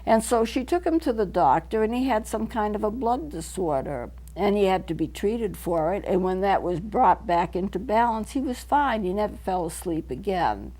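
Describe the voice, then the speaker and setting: A middle-aged woman counselor talks from a local TV studio. She explains each idea earnestly, going back over it so the point lands. Her voice sits at an ordinary middle pitch. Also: animated, normal speed, hardly any pauses, mellow. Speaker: counselor hosting a local TV show. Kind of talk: teaching talk to camera.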